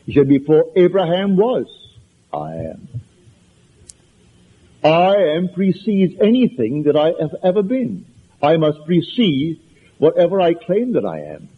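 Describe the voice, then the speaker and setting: A man with an accent gives a conversational spiritual lecture, telling anecdotes and repeating points for emphasis. His voice is husky and sits a little high. It comes through a thin, lo-fi, phone-like recording. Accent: foreign accent.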